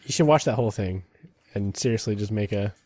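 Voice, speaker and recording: A man's voice: lowish voice, fast, dark tone, dry recording. A man co-hosting a podcast, making dry, teasing remarks about the recap. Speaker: podcast co-host. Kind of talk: casual chat.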